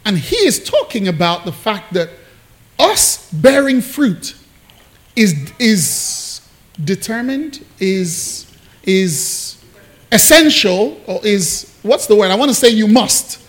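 A man's voice: high-pitched, expressive, slow pace, fairly bright tone. A male pastor, preaching a sermon in a chatty, joking way to his congregation, often repeating himself and restarting while he searches for the right word.

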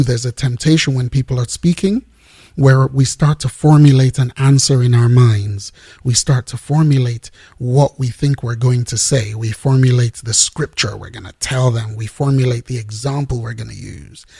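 A man hosting a Christian music program, giving an unhurried, earnest talk between tracks and searching for his words. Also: medium pitch, creaky, mellow, husky, dry recording, studio quality.

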